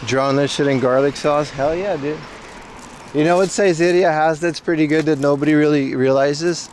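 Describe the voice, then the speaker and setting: A man's voice: fairly high pitch, steady tone, moderate pace, a little mellow, a little hiss or hum. Slangy man streaming on city streets. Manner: loose slangy banter, reads chat. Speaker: IRL livestreamer. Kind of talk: casual walking livestream chat.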